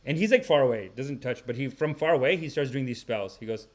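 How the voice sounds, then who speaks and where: Animated rambling male podcast host. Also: mid-range voice, fast talker. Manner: rambling, animated, laughs often. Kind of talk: casual comic storytelling.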